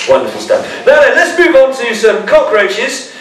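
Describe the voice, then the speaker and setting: A man's voice: high voice, very animated, unhurried, a crowd in the background. A man presenting a live bug show to an audience, joking and playful like a showman. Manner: jokey, playful showman banter. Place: school hall with audience. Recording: echoey hall, mic far off.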